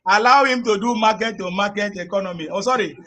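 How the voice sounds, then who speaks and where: A Nigerian man with a high, bright voice, jumping into a live debate. He needles the other speaker with teasing, pointed questions. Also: fast talker. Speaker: discussion panelist.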